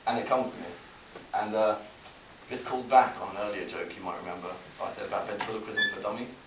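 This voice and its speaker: A young British man doing a stand-up comedy set, self-deprecating, with halting delivery full of restarts. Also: on the low side, fairly even intonation. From Britain. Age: young adult. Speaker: stand-up comic. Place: college comedy show with a live audience. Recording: echoey, distant, hissy live recording.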